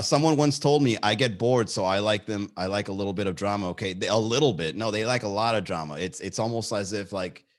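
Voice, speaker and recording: A man hosting a comedy podcast, riffing casually in a rambling, profane way and reacting to live chat. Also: on the low side.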